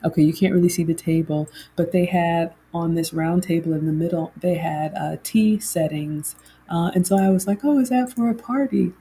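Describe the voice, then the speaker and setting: A woman's voice: sits low, steady tone, moderate pace, warm tone, slight background noise. A middle-aged woman hosts a chatty livestream and reads viewer comments aloud. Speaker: host. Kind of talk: casual livestream chat.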